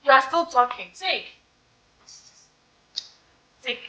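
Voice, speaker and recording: A woman's voice: sits high, expressive, takes it slowly, sharp tone, full character voice, poor audio. A Ghanaian woman playing a young woman who coaxes and soothes a heartbroken male friend. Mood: coaxing. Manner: coaxing, soothing.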